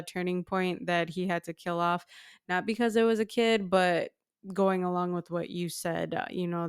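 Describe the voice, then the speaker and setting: A woman co-hosting a podcast who talks about a film in a relaxed way, often filling pauses with "you know". Her voice sits on the lower side and sounds very clear. It is dry and close, with no room around it. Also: no echo. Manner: casual, many "you know" fillers. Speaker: podcast co-host. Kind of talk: casual film discussion.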